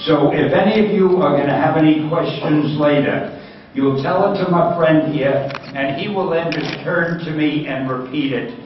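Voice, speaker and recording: A man's voice: fairly high pitch, normal speed, a little hiss or hum. An older man, a panel guest, joking and self-deprecating with the audience. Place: large convention hall. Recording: echoey hall, distant mic, muffled.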